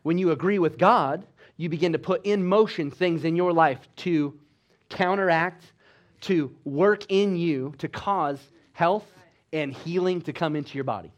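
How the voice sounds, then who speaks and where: Male preacher, fairly high voice; exhorting sermon delivery, loud bursts and quiet drops. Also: unhurried, dull audio. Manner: exhorting, with call-and-response asides; swings between loud emphasis and quiet, low delivery. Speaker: pastor.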